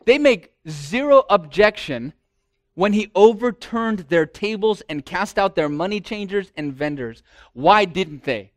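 Pastor, male, high register, dramatic delivery, dry close sound. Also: lively intonation, unhurried, no echo. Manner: dramatic preaching, acts out quoted voices. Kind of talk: sermon.

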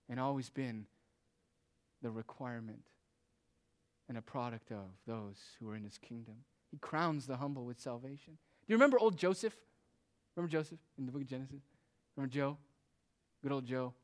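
A man preaching a sermon with emphatic, rising and falling delivery. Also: on the high side. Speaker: pastor.

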